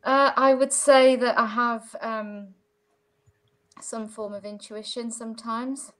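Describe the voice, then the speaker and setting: A woman's voice: a little high, fairly even intonation, slow, a bit bright. Woman guest, casual rambling storyteller, video-call sound. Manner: rambling, many fillers.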